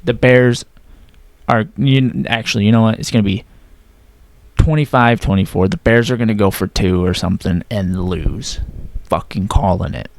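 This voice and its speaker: A young man casually running through his weekly football picks, correcting himself as he goes and sometimes talking in a flat, robotic way. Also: fairly low pitch, normal speed, dry recording. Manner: casual, self-correcting, slightly flat delivery. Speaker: sports predictions vlogger. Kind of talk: casual sports picks talk.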